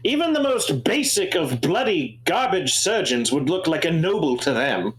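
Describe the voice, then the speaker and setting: A man playing a tabletop game, bantering in character in a lively, animated way and laughing often. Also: fairly high pitch, moderate pace.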